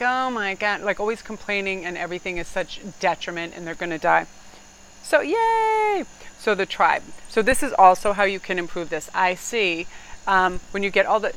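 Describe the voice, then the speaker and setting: Poor audio with slight background noise captures a woman giving a casual tarot reading in a lowish, fairly bright voice. Blunt and rambling, she swears freely, laughs often, and slips into mock voices.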